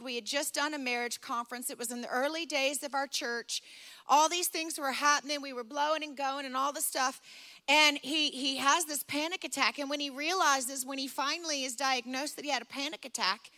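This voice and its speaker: Woman pastor, sermon delivery, emphatic repetition, high and bright. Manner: emphatic, repeats phrases for effect.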